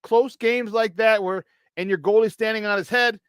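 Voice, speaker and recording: This is a male sports talk host with a notably high voice, rattling off scores in an animated, joking way. The sound is dry and close, with no room around it. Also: moderate pace, smooth, dry recording. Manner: animated, chatty, joking, excitable. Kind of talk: morning sports talk show.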